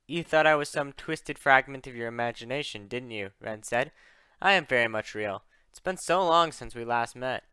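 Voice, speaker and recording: Bright, crisp young man reading a story. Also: medium pitch, normal speed, no room sound. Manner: reads all characters, voices raised for dialogue. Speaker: fan fiction narrator.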